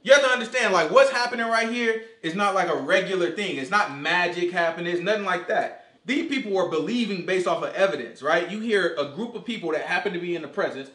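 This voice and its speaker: Animated male Bible teacher, echoey room. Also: high voice, fast talker. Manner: animated, quizzes listeners, acts out dialogue. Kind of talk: casual Bible study teaching.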